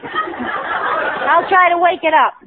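An actress playing a teasing, good-humored young wife in an old radio sitcom, with dry humor. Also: female voice, very high voice, very animated, takes it slowly, a crowd in the background, full character voice. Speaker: expectant wife. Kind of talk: 1940s radio sitcom acting. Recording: tinny old radio broadcast with hiss and audience laughter.

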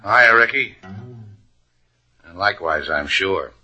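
An actor playing a tough, wisecracking male adventurer who talks in clipped, wry lines with a husky voice, in 1940s radio acting. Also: low-pitched, animated, slow, sharp tone, heavily acted.

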